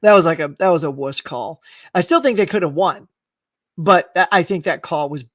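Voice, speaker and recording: A middle-aged man hosting a live stream, chatting casually with viewers in a rambling, animated way and laughing often. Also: on the high side, normal speed, no echo, far from the mic. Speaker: live-stream host answering chat. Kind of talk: casual chat.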